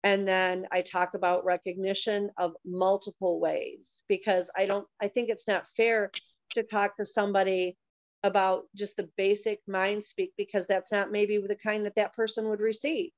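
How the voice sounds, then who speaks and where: A woman's voice: mid-range voice, flat delivery, moderate pace, no echo. A woman guest on a talk show, explaining things in a patient, teaching manner and giving examples. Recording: dull, dry lo-fi sound.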